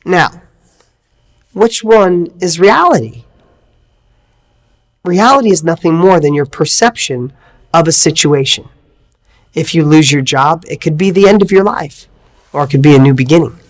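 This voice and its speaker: Male motivational coach, high-pitched, punchy and emphatic, fond of rhetorical questions. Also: unhurried, pauses often. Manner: energetic, emphatic, repeats questions. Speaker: motivational speaker.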